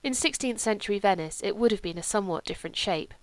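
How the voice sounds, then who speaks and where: Smooth-voiced woman reading a novel aloud. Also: mid-range voice, animated, no room sound. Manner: measured, literary reading. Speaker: audiobook reader. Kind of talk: scripted narration.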